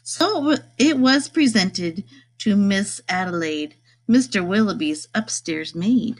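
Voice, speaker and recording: A woman reading a rhyming picture book aloud, in a lively sing-song way. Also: mid-range voice, unhurried. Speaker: storybook reader.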